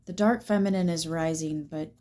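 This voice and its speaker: A woman giving a tarot reading, emphatic and swearing, dropping now and then into soft whispers. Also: deep voice, normal speed. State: teary at times. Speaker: tarot reader.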